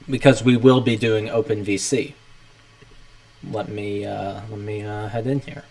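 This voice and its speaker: A young man with a fairly low voice hosts a relaxed livestream. He rambles in a laid-back way and narrates each step of his setup. The delivery is chatty and unhurried. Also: gravelly, low-quality recording. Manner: rambling, talks himself through the setup. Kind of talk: casual livestream chat.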